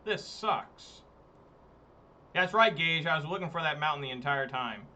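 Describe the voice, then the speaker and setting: A man's voice: fairly high pitch, expressive, moderate pace, pushed and bright. A man streaming a card game, giving casual, exasperated commentary, swearing and talking to his chat. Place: home room, hot day.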